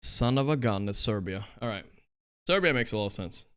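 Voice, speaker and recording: A man streaming a geography guessing game, thinking out loud, excitable and trash-talking his opponent. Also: fairly low pitch, fairly quick, clean tone. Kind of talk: casual live-stream commentary while playing.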